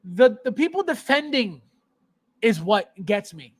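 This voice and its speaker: High-voiced man ranting sarcastically. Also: very animated, a little slow, no room sound. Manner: repeats phrases in exasperation. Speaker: podcast host. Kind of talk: live stream chat with viewers.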